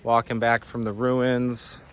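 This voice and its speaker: A man's voice: mid-range voice, little pitch movement, slow pace, noisy background. A young man chatting casually and matter-of-factly in a travel vlog, filmed on a handheld camera outdoors. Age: young adult. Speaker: vlogger. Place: outdoors on a trip.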